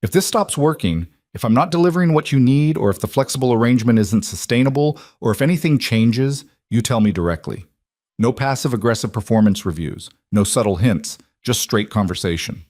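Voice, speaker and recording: A man voicing a weary single father who speaks in a cautious, earnest and gently tender way. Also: medium pitch, animated, brisk, dry recording, clean studio sound, lightly acted. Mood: wary.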